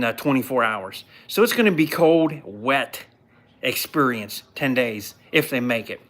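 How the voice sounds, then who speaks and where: A man hosting a live podcast, recapping a television show in a blunt, mocking, animated way. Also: mid-range voice.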